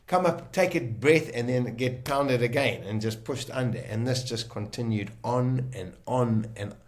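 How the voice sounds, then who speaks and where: A middle-aged man from South Africa, recounting a personal ordeal in a vivid, animated conversational way with frequent restarts. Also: mid-range voice, measured pace. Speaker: guest telling his story. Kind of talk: conversational storytelling.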